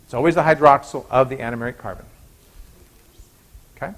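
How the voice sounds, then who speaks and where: A man's voice: mid-range voice, brisk, a bit bright. A man giving a university biochemistry lecture in a chatty way, often stopping to correct himself. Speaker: biochemistry professor.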